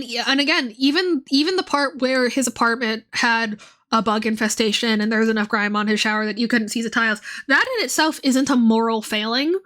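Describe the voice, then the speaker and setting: A woman's voice: fairly high pitch, fairly bright tone. A young woman streaming and chatting casually, rambling with lots of fillers and swearing. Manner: rambling, profane, many fillers.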